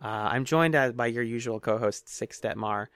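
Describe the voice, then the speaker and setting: A man's voice: mid-range voice, moderate pace, a bit bright, clean tone, dry recording. Podcaster guy telling little stories about himself, laughs easy, dry close sound. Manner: self-deprecating, storytelling, laughs easily. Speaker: podcaster hosting a segment. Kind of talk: casual interview chat.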